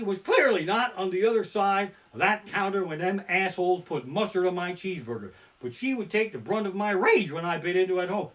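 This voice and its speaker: A stand-up comic in his living room rants about everyday annoyances with a lot of swearing. His voice sits high and leaps around, from low mutters to loud bursts. The home setup is bare-bones. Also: big pitch swings, normal speed. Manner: ranting, swearing, swinging between mutters and outbursts. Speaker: stand-up comedian. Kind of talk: profane stand-up storytelling. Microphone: barebones home setup.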